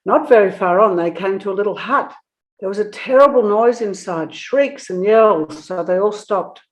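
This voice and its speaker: A woman narrating a children's book in an expressive storytelling manner. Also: mid-range voice, moderate pace.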